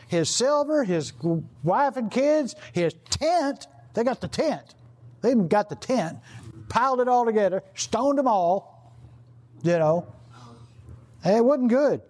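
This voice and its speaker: Older man, preacher, casual rambling sermon, high voice, soft warm tone. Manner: rambling, conversational, full of "you know" and restarts. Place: outdoor gathering.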